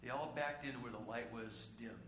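A male pastor preaching a sermon conversationally, asking rhetorical questions and swinging between loud and quiet. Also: mid-range voice, fairly quick. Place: church sanctuary. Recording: echoey room with faint hum.

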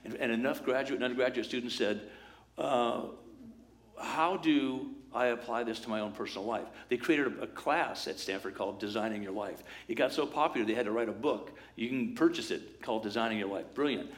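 A man preaching a sermon as pastor, in a lively conversational way, acting out quoted voices and asides. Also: medium pitch, a little fast.

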